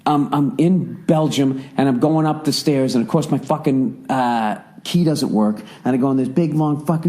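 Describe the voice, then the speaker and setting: A man in his forties from the United States, hosting a casual podcast chat and telling stories with lots of swearing and sudden jumps up in pitch when he rants. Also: moderate pace, hardly any pauses. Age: 40s. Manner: profane, animated storyteller who swings his voice up high when ranting. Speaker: podcast host.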